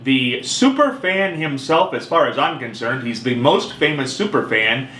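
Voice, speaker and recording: Male radio host, upbeat and showy, lively swooping pitch, bright voice, echoey studio with faint noise. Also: moderate pace. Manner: upbeat, showy announcer delivery with playful teasing. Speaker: radio talk show host. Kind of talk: casual talk show banter.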